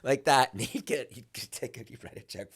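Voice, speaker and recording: A man's voice: mid-range voice, moderate pace, vocal fry, breathy edge, no room sound, studio quality. A man in his forties, a podcast guest telling stories in casual chat and acting out what others said. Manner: animated storyteller, acts out quotes loudly.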